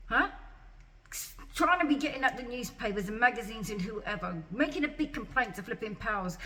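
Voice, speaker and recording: Distressed woman, high bright voice. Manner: agitated, repeats rhetorical questions. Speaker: patient vlogger. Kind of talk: emotional vlog rant.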